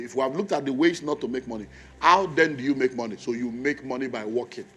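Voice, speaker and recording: A man's voice: mid-range voice, fast, pushed and bright, a little hiss or hum. A man preaching a sermon in a church, telling stories and repeating key phrases for emphasis.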